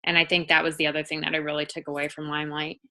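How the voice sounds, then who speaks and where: A young woman co-hosting a motivational team video call, reflecting earnestly and speaking in quick bursts. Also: low-pitched, monotone, bright, forceful tone. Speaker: team leader and co-host.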